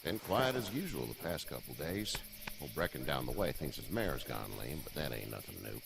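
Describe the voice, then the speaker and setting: Hershel, a gravelly Southern farmer. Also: male voice, a bass voice, big pitch swings, moderate pace, noisy background, exaggerated voice. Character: older male farmer, calm, plainspoken. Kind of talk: video game voice acting.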